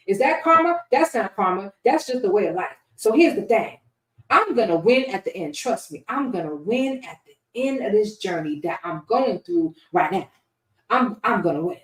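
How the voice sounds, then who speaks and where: A woman answering interview questions in a casual, preachy and defiant way. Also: mid-range voice. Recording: echoey room, far from mic.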